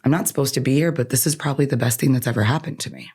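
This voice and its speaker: A woman's voice: very deep voice, very fast, slightly rough. A woman from Iran, an attorney guest on an interview podcast, speaking earnestly and often ending thoughts with "right?". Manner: earnest, animated, says "right?" constantly. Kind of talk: conversational interview.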